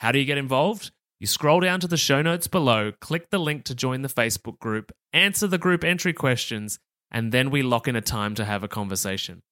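A man's voice: medium pitch, fairly quick, sharp tone, dry recording, clean studio sound. A man hosting a health podcast interview in an upbeat, chatty way, laughing easily. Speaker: podcast host.

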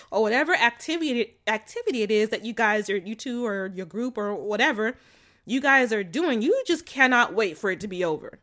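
A woman's voice: fairly high pitch, lively intonation, brisk, fairly bright tone. A woman chatting casually to her viewers about relationships, candid and slangy, laughing often and filling her talk with "like" and "you know.". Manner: frank and slangy. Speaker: vlogger giving relationship advice. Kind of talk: casual chat to camera.

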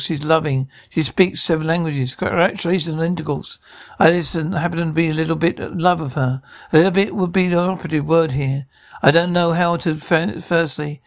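A man playing a gravelly, bickering sitcom guy. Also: on the high side, close to an everyday voice. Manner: bickering, stammering restarts. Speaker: sitcom character. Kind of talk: improvised sitcom dialogue.

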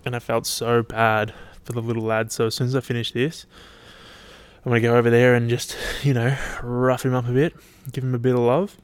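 Tired aussie guy rambling on his podcast, swears heaps, mid pitch, dry sound. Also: level tone, brisk, clear, resonant tone, dry recording. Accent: Australian. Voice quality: laid-back, rambling, swears freely. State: tired, yawning. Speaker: podcast host. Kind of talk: casual solo podcast chat.

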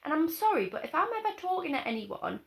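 Geordie woman telling stories, animated. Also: high-pitched, quick pace, gravelly. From North East England. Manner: animated storytelling with put-on voices and laughter. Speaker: podcast co-host. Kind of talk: casual chat.

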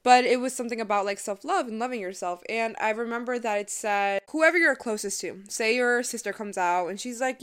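Talking briskly with hardly any pauses, a twenty-something woman fills her personal podcast with chatty, emotional monologue and plenty of fillers. Her voice is fairly high, fairly bright, and smooth.

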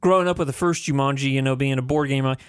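A man's voice: medium pitch, fairly even intonation, racing, smooth, no echo, studio quality. A young adult man co-hosting a casual movie podcast, easygoing and playful. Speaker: podcast co-host.

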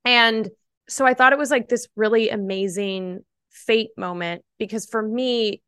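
A young adult woman, a podcast guest, telling a personal story in a chatty, animated way with lots of "like" fillers. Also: on the high side, unhurried, smooth, dry recording, studio quality. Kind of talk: casual storytelling.

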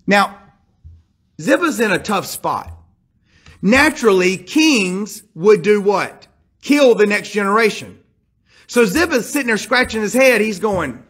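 A man's voice: high voice, big pitch swings, a little slow, long pauses, fairly bright tone, slightly rough. A male pastor preaching a sermon, retelling a scripture story with emphatic, direct appeals to his listeners.

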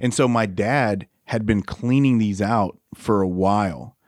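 Man, young adult, podcast co-host, crude animated storyteller, low voice, dry close sound. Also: a little slow, dry recording. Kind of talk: casual storytelling chat.

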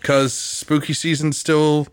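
A man's voice: fairly high pitch, little pitch movement, slow pace, clean tone. A man hosting a podcast in casual chat, rambling and breaking off his own sentences. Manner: rambling, self-interrupting. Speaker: podcast host.

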